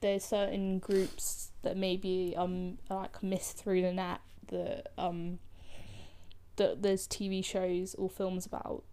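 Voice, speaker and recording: A woman's voice: lowish voice, completely flat delivery, slow, dark tone, clean tone. Chatty woman rambling with fillers. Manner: chatty, many fillers and trailing sentences. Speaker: artist. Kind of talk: casual chat.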